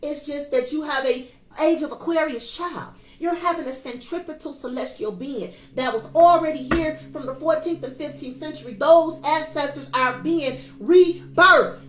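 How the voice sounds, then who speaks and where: Woman in her fifties, tarot reader, preachy and emphatic, high voice, echoey room with soft music behind. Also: normal speed. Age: 50s. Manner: emphatic, preachy, addresses viewers as y'all. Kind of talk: casual tarot reading monologue.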